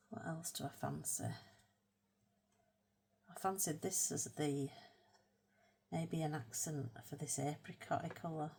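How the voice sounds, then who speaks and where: A woman hosting a casual colour-with-me art video. She chats in a rambling, self-mocking way and murmurs softly to herself as she paints. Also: sits low, creaky, a little hiss or hum. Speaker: art channel host.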